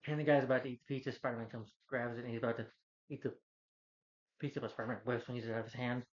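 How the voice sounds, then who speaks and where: A man talks through a movie in a loose, rambling, eager way, with a middle-pitched voice. The audio is dull and muffled, like a lo-fi home recording. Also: little pitch movement, very fast. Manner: rambling, enthusiastic plot retelling. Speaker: film reviewer. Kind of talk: casual film review.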